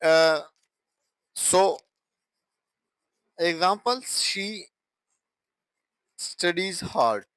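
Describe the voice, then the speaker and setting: Male grammar teacher, higher voice, slow and halting delivery, dry close sound. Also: animated, a bit bright, no echo, poor audio. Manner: halting, with restarts and broken phrasing. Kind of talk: classroom grammar explanation.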